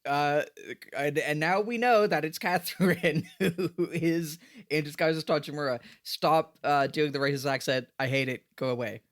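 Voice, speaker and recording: A man's voice: on the high side, normal speed. A man co-hosting a podcast, chatting casually in a rambling way full of fillers. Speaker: podcast co-host.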